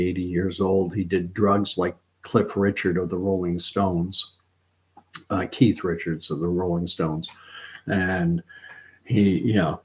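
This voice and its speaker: Low-voiced man rambling earnestly. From Canada. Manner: rambling, self-correcting, earnest. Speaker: livestream host. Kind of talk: casual opinion monologue.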